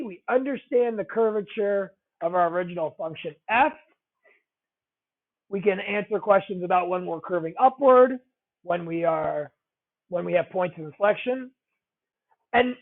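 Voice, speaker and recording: High-pitched guy teaching a math class, chatty, repeats stuff, sounds like it's over a phone line. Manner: conversational, repeats key phrases, checks in with students. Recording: tinny phone-like audio.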